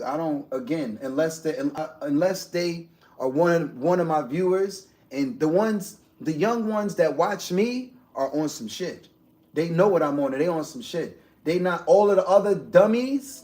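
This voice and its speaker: A man hosting a casual livestream, rambling to his viewers and swinging from low mumbles to loud outbursts. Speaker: livestream host.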